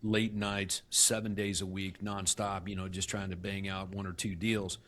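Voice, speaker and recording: A middle-aged man, a guest in an interview, telling his story with animated acted-out dialogue and frequent restarts. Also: deep voice, normal speed, a little hiss or hum. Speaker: guest, real estate company CEO.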